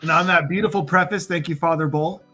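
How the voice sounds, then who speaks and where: A man hosting a podcast in an upbeat, joking emcee manner, introducing segments and reading letters aloud. His voice is bright and sits a bit high, with faint music underneath. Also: steady tone, quick pace. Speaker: podcast host and producer.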